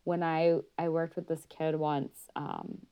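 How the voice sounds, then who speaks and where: Woman, pediatric therapist, educational talk, low voice, conversational, demonstrates tones. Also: steady tone, slow pace, clear, resonant tone, muffled recording.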